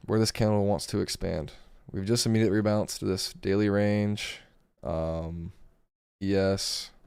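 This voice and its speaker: Gravelly low-voiced man narrating live trades. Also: darkish tone, no room sound, studio quality. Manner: casual, thinking aloud over charts. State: hoarse, voice going. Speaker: day trading streamer. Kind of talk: live trading commentary.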